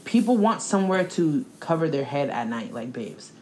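A woman's voice: deep voice, big pitch swings, normal speed, mellow, a little hiss or hum. A young woman talking in a blunt, profane, sarcastic casual chat as co-host.

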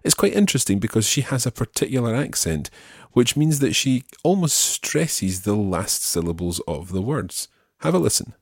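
A man hosting a language lesson, repeating model phrases slowly and explaining them patiently. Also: medium pitch, very animated, breathy edge, no room sound, studio quality. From Scotland. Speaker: language teacher and podcast host.

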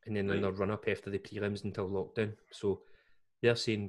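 Chatty Scottish man, lowish voice. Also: little pitch movement, a little fast. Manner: chatty, jokey, laughs often. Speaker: podcast co-host. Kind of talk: casual chat.

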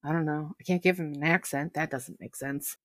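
A woman narrating as game master in a tabletop role-play, unhurried and halting, with giggly asides. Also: low voice, fairly even intonation, fairly bright tone, no echo, clean studio sound.

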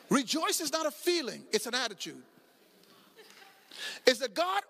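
Man, pastor, very high voice, animated sermon, acts out stories. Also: measured pace, creaky, pauses often. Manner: animated storytelling preacher, acts out dialogue, sudden shouts.

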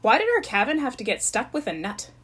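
A short, mouthy boy at camp who loudly jeers at the odd kid in his cabin, as a woman reading a storybook puts him on. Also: on the high side, big pitch swings, fast, husky, heavily acted. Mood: jeering. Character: short mocking tattletale boy.

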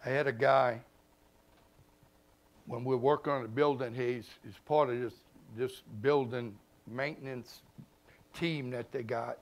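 A man, a pastor preaching a sermon in a conversational way, swinging between loud emphasis and hushed asides. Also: medium pitch, fairly even intonation, measured pace, pauses often. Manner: conversational, informal grammar and repeated phrases.

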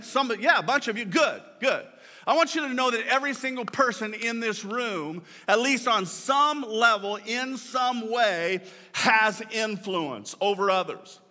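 Guy preaching in a church, repeats himself a lot building up to points, jokes with the crowd, echoey reverb. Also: high-pitched. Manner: animated, playful asides to the congregation. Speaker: pastor. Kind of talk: sermon. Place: church hall with a congregation.

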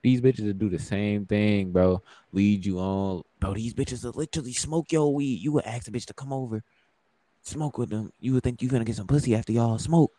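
A young man with a very low voice, recorded dry and close with no room sound. He co-hosts a podcast in loose, profane chat and acts out the lines of the people in his stories. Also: fairly quick, dry recording. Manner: profane, animated, acts out quoted dialogue. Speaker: podcast co-host. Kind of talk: casual storytelling chat.

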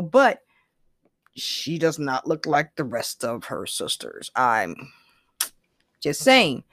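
A woman with a fairly high voice talks at an unhurried, drawn-out pace, wandering through her opinions with plenty of swearing and side remarks. The sound is close and dry, with no room around it. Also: dry recording. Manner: rambling, profane, full of asides. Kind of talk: casual opinion commentary.

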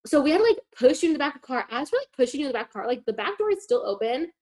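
A woman's voice: high voice, racing. A young woman casually telling a story on a podcast, swearing often and acting out what everyone said. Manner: animated, swears often, acts out quotes.

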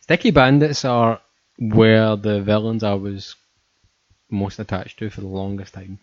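Man, casual chat, rambling and sweary, low voice, dry muffled recording. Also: steady tone, unhurried, no room sound.

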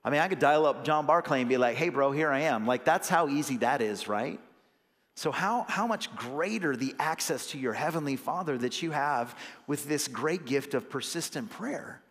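A man's voice: fairly high pitch, lively intonation, normal speed, a bit bright, long reverb tail. A young adult male associate pastor delivering a sermon, earnest and conversational, swelling into emphatic bursts. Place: church sanctuary.

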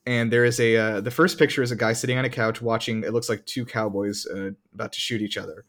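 A man's voice: on the low side, steady tone, quick pace, a bit bright. A man co-hosting a casual podcast, rambling with many "like"s, fillers and restarts while reading out listener submissions. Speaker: podcast co-host. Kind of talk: casual chat.

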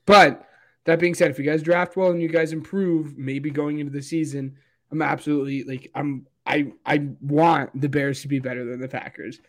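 A man's voice: on the high side, flat delivery, moderate pace. A young man co-hosting a football podcast, talking casually and hedging his opinions. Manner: hedging, conversational. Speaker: podcast co-host. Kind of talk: casual sports chat.

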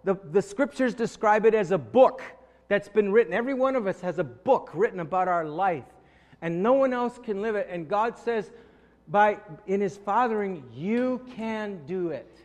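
A pastor with a high voice preaches at a moderate pace, with long hall reverb behind him. He tells a story and acts out the quoted voices, often repeating words as he begins a thought.

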